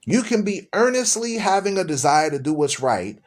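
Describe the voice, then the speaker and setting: A man's voice: high-pitched, very animated, normal speed. A man hosting a live-streamed religious talk show, speaking to his listeners in a preachy, repetitive way. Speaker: radio show host.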